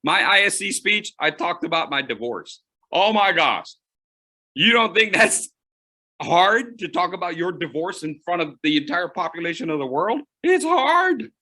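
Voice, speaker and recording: In a high, sing-song voice, a man teaches public speaking online with playful energy. He drops dramatic pauses and moves back and forth between loud and hushed tones.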